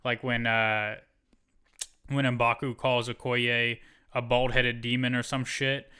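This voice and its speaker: A man's voice: mid-range voice, slow, smooth. A man co-hosting a podcast, casually retelling a movie's plot with plenty of swearing. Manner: profane, animated retelling of the plot. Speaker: podcast co-host. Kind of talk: casual movie review chat.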